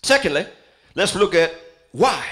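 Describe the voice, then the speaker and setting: High, lively preaching man. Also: unhurried. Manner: calls out listeners by name, builds to shouted repeated phrases. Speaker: pastor. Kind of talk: sermon.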